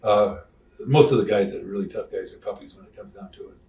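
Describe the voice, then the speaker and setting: A man's voice: on the low side, quick pace. An older man, a retired wrestler, telling stories casually in an interview and acting out what others said. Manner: animated storyteller who acts out other people's lines. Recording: roomy sound from a distant mic.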